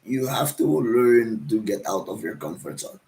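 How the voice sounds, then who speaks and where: Slow, gravelly Filipino vendor. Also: male voice, fairly low pitch, sing-song, darkish tone, low-quality recording. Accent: Filipino, Cebuano. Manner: ends sentences with "right?" and "guys". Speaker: street vendor teaching his selling calls. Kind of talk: casual talk to viewers.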